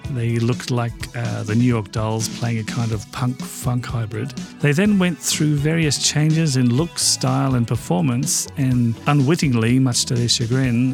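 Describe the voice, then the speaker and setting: A man's voice: medium pitch, creaky, darkish tone. A man hosting a music podcast, reading a prepared introduction and then chatting with restarts. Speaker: podcast host. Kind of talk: podcast introduction and casual chat.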